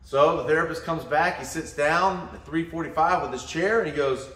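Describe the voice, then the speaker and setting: A man giving a motivational talk, telling a story in an animated way and acting out the voices. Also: a little high, moderate pace, few pauses, distant mic. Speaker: motivational teacher. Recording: echoey room from afar.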